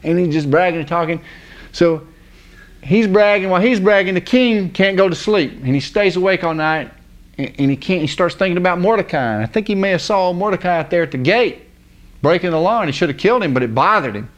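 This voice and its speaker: A man delivering a sermon as a lively retold story, in a fairly high voice. He speaks colloquially, slips into the characters' voices, and breaks into laughter often. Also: fairly quick.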